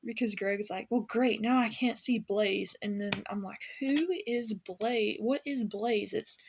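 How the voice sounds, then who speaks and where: Woman in a mid-range voice, a casual episode reviewer who rambles and laughs along. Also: medium pitch. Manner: chatty, rambling, laughs at her own retelling. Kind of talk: casual reaction recap.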